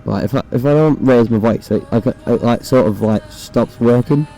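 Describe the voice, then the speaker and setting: Hoarse young man. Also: medium pitch, moderate pace, warm tone, soft background music, poor audio. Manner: casual, swears often. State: hoarse, croaky voice. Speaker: motovlogger. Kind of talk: casual rambling chat while riding. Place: on a motorbike on city roads. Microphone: phone recording inside a helmet.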